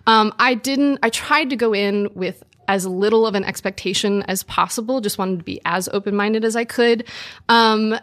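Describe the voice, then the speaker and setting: Woman guest in a studio, chatty and excited, lots of ums and likes. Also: mid-range voice, normal speed. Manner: chatty, enthusiastic, many fillers. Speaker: guest, music journalist. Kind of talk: casual interview chat.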